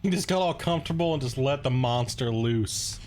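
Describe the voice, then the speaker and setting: A man with a mid-range voice chats loosely over his gameplay, rambling from topic to topic. He swears freely and laughs often. His tone is relaxed and unpolished. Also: mid-range voice, normal speed, slight background noise. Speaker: gaming channel host. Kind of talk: casual gameplay commentary.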